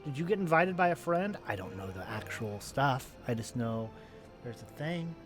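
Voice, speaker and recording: A man's voice: medium pitch, expressive, moderate pace, music in the background. A man streaming a video game, chatting casually in a rambling, self-mocking way. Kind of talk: casual game commentary with voiced readings.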